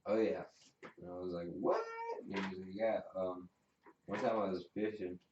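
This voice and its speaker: A man's voice: sits low, steady tone, normal speed, a little mellow. A man co-hosting a casual podcast, rambling through stories and swearing a lot. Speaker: podcast co-host. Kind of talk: casual chat. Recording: roomy, distant, dull, faint hiss.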